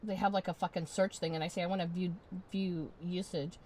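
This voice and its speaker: A woman's voice: on the low side, steady tone, fairly quick, mellow, a little hiss or hum. A woman game streamer in casual live-stream chat, ranting in exasperation, swearing and repeating herself.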